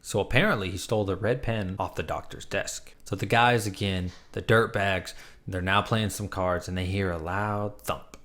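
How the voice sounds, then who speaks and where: A man's voice: low-pitched, fairly even intonation, normal speed, a bit bright. A man casually reviewing a comic book, retelling the plot with enthusiastic, chatty energy.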